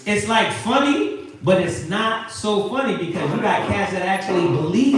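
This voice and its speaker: A man teaching a Sabbath scripture class, preaching in an animated, slangy way and firing questions at the group. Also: high-pitched, moderate pace, heavy reverb, distant mic, over loud music, low-quality recording. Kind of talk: call-and-response scripture teaching. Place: classroom or meeting hall with a live group.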